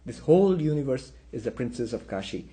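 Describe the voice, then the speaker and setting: Animated storytelling man. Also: medium pitch, brisk. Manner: animated storyteller acting out characters. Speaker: spiritual speaker. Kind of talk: storytelling talk.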